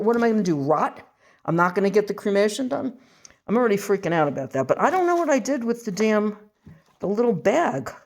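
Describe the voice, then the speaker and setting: A woman's voice: mid-range voice, darkish tone. An older woman from the western United States, filming a rambling, self-mocking home vlog and reading aloud from a label. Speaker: vlogger.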